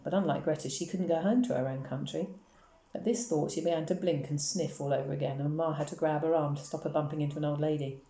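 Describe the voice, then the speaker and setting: Woman reader, low mellow voice, quick steady storytelling, roomy echo. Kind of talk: reading a novel aloud. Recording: echoey room.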